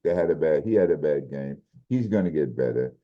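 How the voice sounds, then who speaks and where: A man co-hosting a sports podcast, casually breaking down football games in a measured way, restarting his sentences as he thinks. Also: a bass voice, animated. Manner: measured, explains with repeated restarts. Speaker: podcast co-host, football analyst. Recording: dull lo-fi audio.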